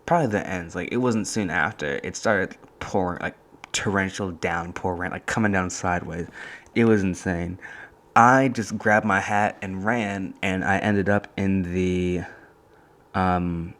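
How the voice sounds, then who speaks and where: A young man hosting a casual solo podcast from a college dorm room, talking in a soft, hushed voice and rambling through stories. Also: low voice. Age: young adult. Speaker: podcast host.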